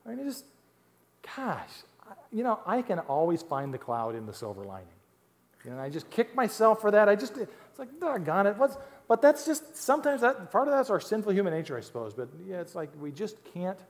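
A folksy male pastor with a slightly high voice, preaching in a church where the sound rings out with long reverb. He is animated, mimics grumbling crowds and slips in wry jokes. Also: fairly quick. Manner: folksy, animated, acts out whining crowds with joking asides. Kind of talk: sermon.

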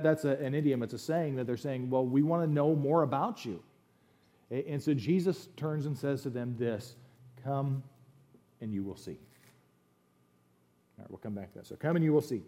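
A male pastor preaches a sermon in a fairly high, mellow voice. His delivery is loose and conversational, animated, and full of quick, opinionated asides and emphatic lines between scripture passages.

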